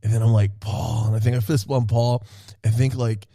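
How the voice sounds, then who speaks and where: A man excitedly telling a story in a casual podcast chat, swearing often and laughing as he talks. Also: medium pitch, fairly quick, no echo, clean studio sound. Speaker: podcast co-host.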